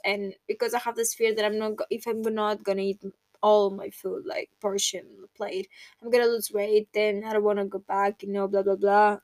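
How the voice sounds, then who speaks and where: A woman's voice: medium pitch, dry recording. A young woman hosting a reflective personal monologue, candid and emotional, swearing casually. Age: young adult. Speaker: podcast host.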